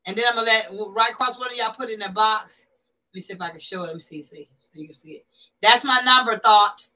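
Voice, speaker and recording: Bright-voiced woman hosting a livestream. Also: fairly high pitch, fast, poor audio. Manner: animated, talks back to chat comments. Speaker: livestream host. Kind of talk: casual livestream chat.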